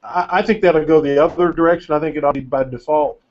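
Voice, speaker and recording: A man hosting a podcast in casual chat, measured and opinionated as he gives his view. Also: a little high, fairly even intonation, muffled recording. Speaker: podcast host.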